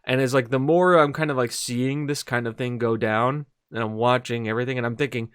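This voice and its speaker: A man's voice: medium pitch, steady tone, brisk, few pauses, fairly bright tone, clean tone, dry recording, clean studio sound. A man co-hosting a casual video game podcast, talking in a rambling, hesitant way with lots of fillers and restarts. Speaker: podcast co-host. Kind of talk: casual gaming podcast chat.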